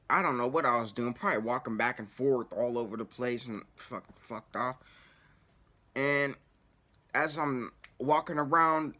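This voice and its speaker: Man, casual rambling storyteller, heavy cursing and slang, bright forceful tone. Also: mid-range voice. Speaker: vlogger.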